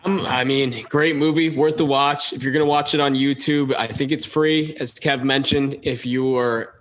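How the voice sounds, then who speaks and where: A man's voice: medium pitch, fairly even intonation, moderate pace, a bit bright, slight background noise. A man co-hosting a podcast, chatting casually and acting out movie lines between laughs. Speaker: podcast co-host. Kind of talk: casual chat.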